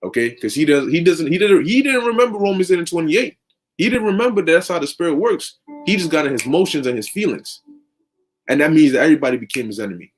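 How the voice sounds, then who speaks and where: Dude preaching a story, laid back and slangy, lots of "you know"s. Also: male voice, on the high side, expressive, quick pace, soft background music. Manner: conversational, lots of fillers and restarts, slang.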